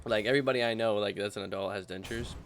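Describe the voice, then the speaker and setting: A man's voice: lowish voice, rapid-fire, slight background noise. Rambling young man playing a game. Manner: rambling, animated chat. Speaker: gaming channel host. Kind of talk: casual let's-play commentary.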